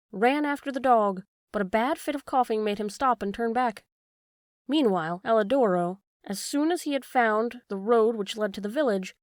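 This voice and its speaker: A woman narrating a classic children's storybook with a steady, expressive delivery. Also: medium pitch, no room sound, clean studio sound. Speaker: audiobook narrator. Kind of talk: storybook reading.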